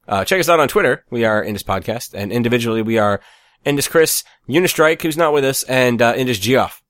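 A man co-hosting a casual gaming podcast, relaxed and quick to laugh as he reads out the show's plugs. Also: mid-range voice, dry recording. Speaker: podcast co-host.

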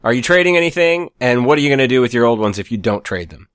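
A man's voice: medium pitch, fast, smooth, dry recording. Chill guy cohosting a gaming podcast, dry close mic, mid voice. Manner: relaxed, laughs easily, reads out show plugs. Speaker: podcast co-host. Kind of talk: casual podcast chat.

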